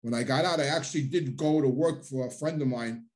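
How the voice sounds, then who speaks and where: A man's voice: mid-range voice, brisk, a little mellow. A middle-aged man telling his own life story in a loose, rambling way, full of restarts and plain street talk. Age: middle-aged or older. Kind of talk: casual storytelling monologue.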